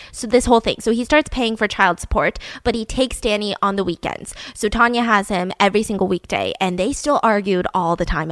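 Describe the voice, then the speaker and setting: A young woman tells a true-crime story in a loose, gossipy chat, acting out the quotes as she goes. Her voice sits a little high. The recording is dry and close, with no room around it. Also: fairly bright tone, no echo. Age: young adult. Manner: chatty, acts out quotes, laughs often. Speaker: podcast host.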